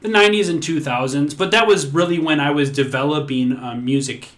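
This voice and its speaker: A man's voice: a little high, brisk, fairly bright tone. A man in his thirties co-hosting a podcast, talking casually in a rambling way with restarts and frequent swearing. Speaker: podcast co-host.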